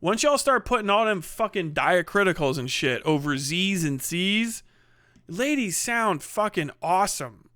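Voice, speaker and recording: A middle-aged man chats to his stream audience in a high, bright, clear voice. His talk is profane and rambling and full of laughs. The mic sounds dry and close. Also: expressive, measured pace, no room sound. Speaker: live streamer. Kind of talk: casual stream chat reading donations.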